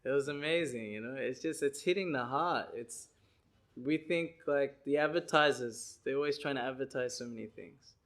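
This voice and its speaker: A man giving a lecture, telling an animated story and acting out the people in it. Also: medium pitch, normal speed. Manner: animated, acts out people he describes and sings chants.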